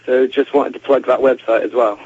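A man's voice: mid-range voice, steady tone, a little fast, a little mellow, husky, no room sound. A British man calling in to a radio show, speaking earnestly and a bit hurriedly. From United Kingdom. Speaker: caller. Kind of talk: phone-in call. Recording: muffled phone line.

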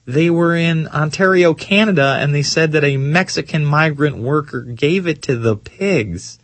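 A man hosting a talk radio show, ranting sarcastically about the news and mocking it, slowing down to stress points and then rushing on. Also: a little high, expressive, a bit bright, no room sound. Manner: sarcastic, mocking, swings between slow emphasis and quick rants. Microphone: studio microphone.

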